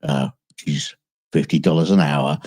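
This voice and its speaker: A man co-hosting a podcast, telling crude comic stories with a husky voice and frequent laughter. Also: a bass voice, unhurried, a little mellow, no echo. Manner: laughs often, tells bawdy stories. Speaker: podcast co-host. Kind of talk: crude comedic banter.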